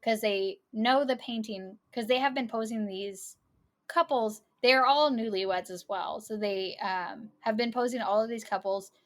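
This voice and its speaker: A woman co-hosting a podcast, chatting casually about a movie, quick to laugh and to admit when she's wrong. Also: a little high. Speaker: podcast co-host. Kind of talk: casual chat.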